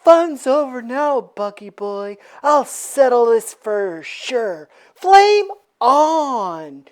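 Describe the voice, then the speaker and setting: A woman voicing a cocky young male hero made of fire, taunting in slow, mocking words. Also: a little high, sing-song, pitched above the performer's own voice, heavily acted.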